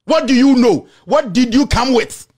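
A man with a Ghanaian accent delivering an angry, insulting rant to the camera, repeating himself and shouting. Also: extremely high pitch, animated, normal speed, breathy edge, faint music behind. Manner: shouting, insulting, repetitive tirade. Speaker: political commentator.

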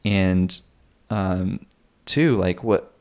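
A young man from North Carolina co-hosting a casual podcast, telling things in a relaxed, animated way with quick asides. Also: deep voice. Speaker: podcast co-host. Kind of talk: casual conversational podcast chat.

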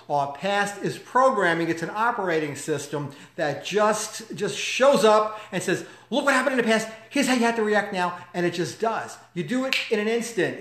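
Emphatic man in an echoey room. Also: sits high. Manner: emphatic, conversational, rhetorical questions. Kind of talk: motivational talk with personal story.

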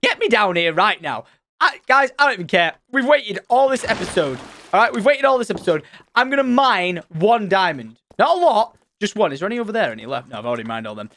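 Excitable man gaming. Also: high-pitched, fast talker, slight background noise. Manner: excitable, shouts and squeals at surprises. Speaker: gaming channel host. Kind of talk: Minecraft let's play commentary.

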